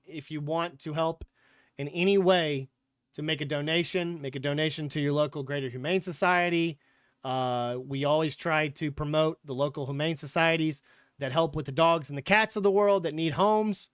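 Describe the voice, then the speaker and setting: A young man hosts his sports podcast livestream in a casual, rambling way, with sarcastic asides and the odd curse. His voice sits a touch high for a man and sounds smooth and clear. The sound is dry and close, with no room echo. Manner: loose, rambling and sarcastic, with profanity. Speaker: podcast host.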